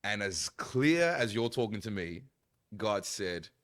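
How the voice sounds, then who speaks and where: Pastor guy, really low voice, tells his story all animated, dry close sound. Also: slow pace, no room sound. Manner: animated storytelling, acts out quotes with big pitch jumps. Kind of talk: casual chat.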